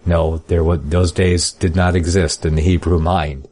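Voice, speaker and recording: Deep-voiced man teaching a Bible study. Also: flat delivery, normal speed, darkish tone, slight background noise. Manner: reads scripture in King James style then comments casually; plainspoken, folksy asides. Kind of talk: Bible study reading and commentary.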